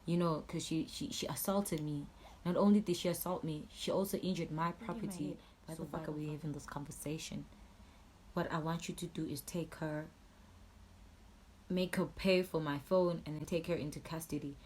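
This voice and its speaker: A young woman with a Swazi accent, telling a storytime vlog in an angry, animated way, swearing and switching languages. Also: low-pitched, a little fast, a little hiss or hum. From Eswatini. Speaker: YouTuber.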